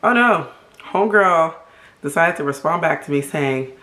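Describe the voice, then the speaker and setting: Animated woman telling a story in a roomy echo. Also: low voice, normal speed. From Haiti. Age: middle-aged. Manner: animated, emphatic, indignant storytelling. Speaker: vlogger. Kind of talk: storytime vlog.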